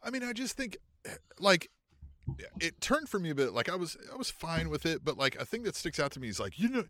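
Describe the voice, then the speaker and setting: Animated high-voiced podcast man. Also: a little fast. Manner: animated, swears often, acts out quotes in mocking high voices. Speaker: podcast co-host. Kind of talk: casual wrestling podcast chat.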